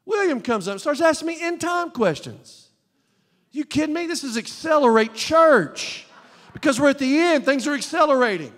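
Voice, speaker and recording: A male pastor preaching a fervent sermon in a church, at times rising to shouts. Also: very high-pitched, sing-song, fairly quick. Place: church sanctuary. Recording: long hall reverb.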